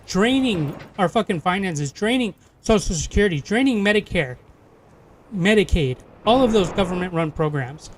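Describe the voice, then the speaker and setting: A man's voice: high-pitched, animated, normal speed, a little hiss or hum. A man hosting a gaming stream, ranting heatedly with a lot of profanity, from California. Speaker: gaming channel host. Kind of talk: casual rant while streaming a game.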